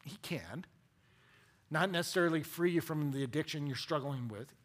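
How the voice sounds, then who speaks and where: A man preaching a sermon as a pastor, dramatic and animated, swinging between loud and hushed. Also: a little high, normal speed.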